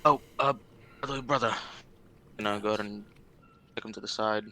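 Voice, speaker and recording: A man playing a tabletop game, speaking in character in a halting way, restarting his phrases. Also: lowish voice, fairly even intonation, pushed and bright, slight background noise, low-quality recording. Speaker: player.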